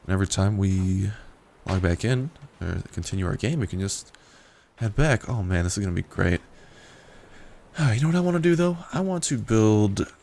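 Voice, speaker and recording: A man's voice: lowish voice, animated, moderate pace, vocal fry, a little mellow, slight background noise. A young man casually commentating a survival game, playful and joking with profane asides. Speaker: gameplay commentator. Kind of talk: casual let's-play commentary.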